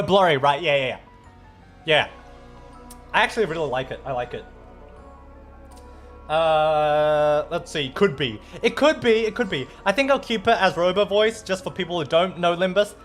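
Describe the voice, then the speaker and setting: A man's voice: fairly high pitch, animated, moderate pace, faint music behind. A man with an Australian accent streaming, chatting casually and playfully as he reads out viewer messages, rambling and swearing now and then.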